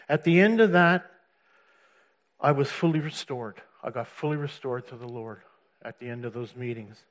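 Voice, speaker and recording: A man's voice: medium pitch, normal speed. A man giving a personal church testimony, telling his story earnestly with restarts and laughs.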